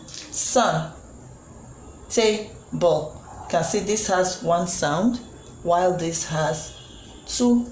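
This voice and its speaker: A woman teaching a patient phonics lesson to young children, repeating each word slowly. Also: low-pitched, a little mellow, echoey room, a little hiss or hum.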